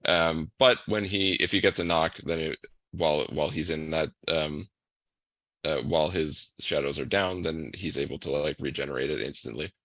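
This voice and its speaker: A man's voice: rumbling low, steady tone, moderate pace, fairly bright tone, no echo. A man, a game developer in an interview, explaining game mechanics hesitantly with many ums and restarts, in a clip with dull, lo-fi sound.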